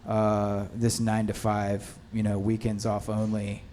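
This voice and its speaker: A man from a film lighting crew speaking on a festival panel, relaxed and halting, with many fillers. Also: on the low side, slight background noise. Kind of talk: casual panel storytelling.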